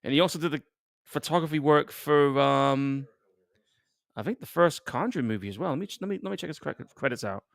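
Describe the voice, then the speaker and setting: A man's voice: on the high side, a little fast, gravelly, no room sound. English guy chatting over a horror movie, chuckles a lot, dry close mic. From England. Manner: laid-back, chuckling, casual swearing. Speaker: co-host. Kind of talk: casual live movie commentary.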